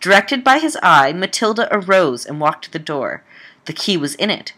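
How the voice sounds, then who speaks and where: A woman's voice: on the low side, big pitch swings, moderate pace, pushed and bright. A woman reading an old Gothic novel aloud with drama, breaking off now and then for wry, casual comments. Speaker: audiobook reader and podcast host.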